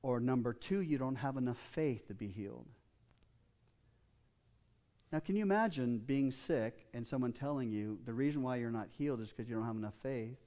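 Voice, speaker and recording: A man's voice: mid-range voice, moderate pace, warm tone. An older man preaching a sermon as pastor, telling personal stories earnestly with frequent restarts.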